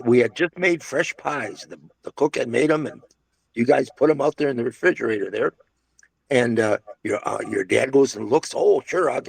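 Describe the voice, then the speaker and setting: Older man, rambling anecdotes, creaky husky voice, dry close sound. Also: medium pitch, no room sound. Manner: rambling storyteller, many restarts and asides. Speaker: interviewee recalling restaurant days. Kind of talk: casual reminiscing.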